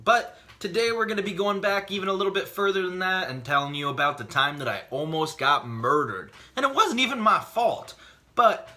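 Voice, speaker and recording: In a slightly high voice, a man vlogs about a funny personal experience. He tells it in an animated, joking way, with quick bursts of speech.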